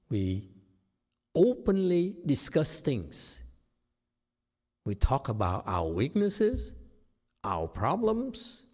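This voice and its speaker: A man whose first language is Chinese, giving a slow, plain-spoken dharma talk as a meditation teacher, often checking in with "okay?". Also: medium pitch, dark tone. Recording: long hall reverb.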